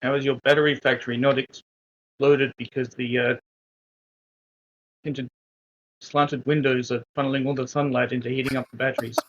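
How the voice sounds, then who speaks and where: A man's voice: medium pitch, little pitch movement, moderate pace, pauses often, muffled recording. A man joining a game stream with casual chat and teasing, joking asides.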